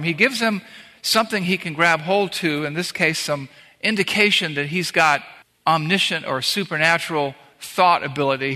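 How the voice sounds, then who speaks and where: A man's voice: fairly high pitch, bright, forceful tone. A man preaching a sermon in a conversational way, walking through scripture verse by verse with punchy repetitions. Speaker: pastor. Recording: long reverb of a large hall.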